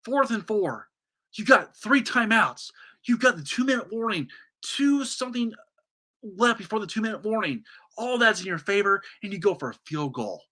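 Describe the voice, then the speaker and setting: A man's voice: high-pitched, pushed and bright. A man hosting a solo sports podcast, ranting animatedly with many restarts and asides.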